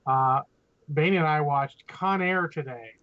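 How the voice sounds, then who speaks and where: Animated man chatting about movies. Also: fairly high pitch, a little slow, muffled recording. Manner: animated, jokey movie reviewing. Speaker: podcast host. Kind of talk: casual chat.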